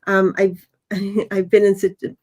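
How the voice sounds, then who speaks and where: A woman's voice: mid-range voice, monotone, unhurried, a little mellow. A woman co-hosting a casual livestream, talking in an easygoing, reassuring way with plenty of fillers. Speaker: co-host of a weekly intuitive live show.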